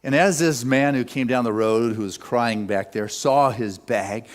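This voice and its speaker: A man preaching a sermon, telling a story with lively energy and laughter. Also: medium pitch, unhurried. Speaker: pastor.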